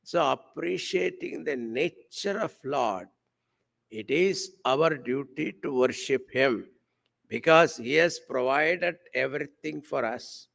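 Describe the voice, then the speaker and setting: A man giving a devotional sermon at a camp, speaking slowly and deliberately, asking his listeners rhetorical questions and using Sanskrit terms. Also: mid-range voice, creaky, fairly bright tone. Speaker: swami giving a spiritual discourse. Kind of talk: devotional sermon with a told story. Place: camp hall with a live audience.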